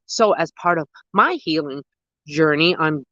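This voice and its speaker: A gardening host in their thirties rambles through a casual live stream, excitable and full of slang. The voice sits close and dry against the mic. The phone audio comes through dull and muffled. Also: mid-range voice, a little slow, no echo. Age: 30s. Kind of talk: casual live-stream chat answering viewers. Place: outdoors at dusk.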